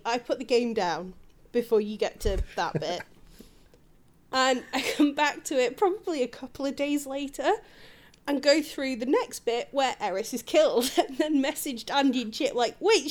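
Brief: woman co-host, giggly anecdote-teller, voice a touch high. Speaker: podcast co-host. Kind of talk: casual chat.

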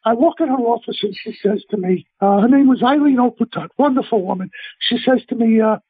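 This is a middle-aged man from the United States, a celebrity chef being interviewed by phone, telling stories in a brash, blunt, animated way. He speaks fairly quickly in an extremely high voice with a breathy edge, and the recording is dry and tinny.

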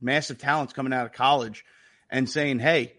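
A man co-hosting a sports podcast, telling profane, animated stories in casual chat. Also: mid-range voice, moderate pace. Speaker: podcast co-host.

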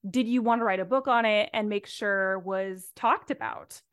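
A woman's voice: mid-range voice, normal speed, smooth. A woman podcast host asking questions in a chatty, curious conversational way. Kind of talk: conversational interview.

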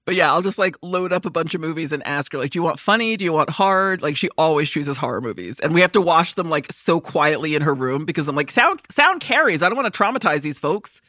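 A woman co-hosting a podcast in casual chat, an animated storyteller who swears freely and laughs often. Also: low-pitched, fast talker, hardly any pauses, no echo, studio quality. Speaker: podcast co-host.

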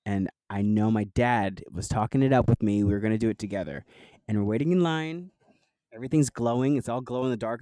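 A man's voice: fairly low pitch, no echo, poor audio. A man from New Jersey, a guest telling childhood stories in a casual interview, laughing often and filling with "like". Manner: animated storyteller, laughs often, fillers like "like".

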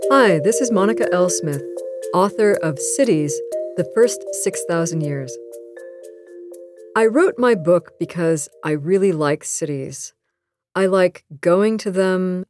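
A woman's voice: lowish voice, unhurried, music in the background. A woman, an author and archaeologist, introducing her book in an earnest, enthusiastic way.

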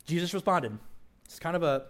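A man's voice: a little high, expressive, moderate pace. A man pastor giving a conversational sermon, with casual asides and frequent "right?" checks to the listeners.

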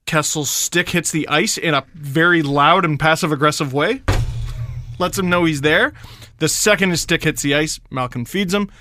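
Male podcast co-host, fairly high bright voice, sarcastic and lively, dry close mic. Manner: animated, sarcastic, quick to joke. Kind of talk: casual sports chat.

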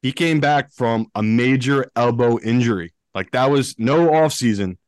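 A man's voice: medium pitch, moderate pace, clean tone, dry recording. A blunt man with a northern English accent talks sports bets casually, swearing freely. His voice sits mid-range, recorded dry and close. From England. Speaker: co-host, professional bettor. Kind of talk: casual chat.

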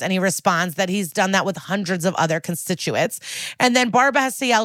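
A woman's voice: mid-range voice, brisk, no echo, clean studio sound. A woman co-hosting a podcast, recapping a TV episode in casual chat, acting out the characters' lines and swearing freely as she comments. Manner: animated, acts out characters' lines.

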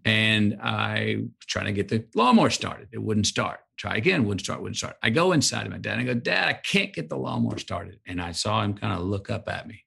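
Gravelly, husky-voiced man telling stories. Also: fairly low pitch, brisk, few pauses. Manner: animated storyteller who acts out his parents' sayings. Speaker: podcast guest, author. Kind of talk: casual interview storytelling.

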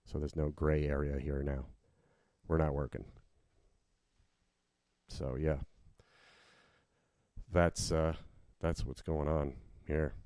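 A man with a deep voice talks in a loose, rambling way, circling back and restarting his sentences. His tone is dark and mellow, and the recording is dry and close, with no room sound. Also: little pitch movement, takes it slowly, pauses often, dry recording. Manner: rambling, with many restarts and fillers. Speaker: podcast host and working cover-band musician. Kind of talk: casual conversation.

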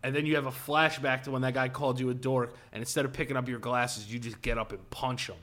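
A man's voice: medium pitch, fairly even intonation, fast talker, fairly bright tone. A young man co-hosting a comedy podcast, riffing in casual banter, swearing freely and slipping into mocking voices. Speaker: podcast co-host.

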